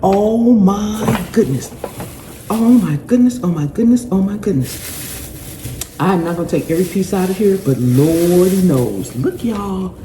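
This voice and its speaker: A middle-aged woman hosting a gardening channel gushes and laughs through an excited unboxing vlog, exclaiming, repeating phrases, and calling her viewers y'all. Her mid-range voice is animated yet unhurried, recorded in an echoey room with clatter and a noisy background.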